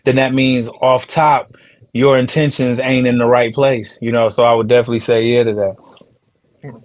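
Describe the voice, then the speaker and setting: A man in his thirties hosting a podcast, telling stories in a relaxed, slangy way with laughs between lines. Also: mid-range voice, normal speed. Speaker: podcast host and rapper. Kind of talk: casual storytelling chat.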